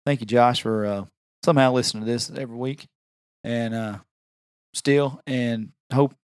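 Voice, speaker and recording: A man's voice: medium pitch, steady tone, normal speed, darkish tone, clear, resonant tone, dry recording, studio quality. A man with a country accent co-hosting a casual podcast chat, joking and laughing at himself. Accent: rural country accent. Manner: joking, self-mocking, laughs often. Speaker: podcast co-host.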